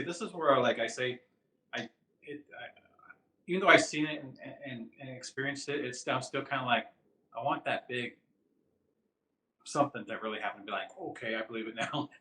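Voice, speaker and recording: Rambling man with a bright voice. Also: mid-range voice, moderate pace, pauses often. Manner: rambling and loose, laughs often, many fillers. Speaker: podcast co-host. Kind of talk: casual chat, answering listener questions. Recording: roomy echo.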